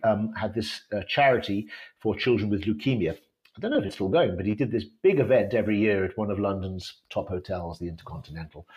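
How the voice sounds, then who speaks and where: A man's voice: lowish voice, darkish tone, dull audio. Rambling Welsh man telling band stories. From Wales. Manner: rambling storyteller, frequent restarts and fillers. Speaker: guitarist in a band, guest. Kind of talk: casual interview chat.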